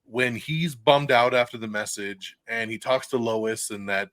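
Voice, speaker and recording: A man hosts a casual podcast movie review, gushing with excitement and breaking into laughter. His voice sits at an ordinary middle pitch. It comes through close and dry on a podcast mic, with almost no room sound. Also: a little slow, no echo. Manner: enthusiastic, swears freely, laughs often. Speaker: podcast host. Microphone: podcast mic, recorded live for video stream.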